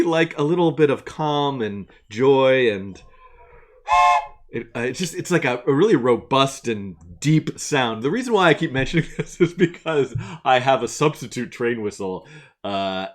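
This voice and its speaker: Lively, rambling male live-stream host. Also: medium pitch. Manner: rambling, self-deprecating, laughs often. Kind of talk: casual live-stream chat. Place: home attic studio.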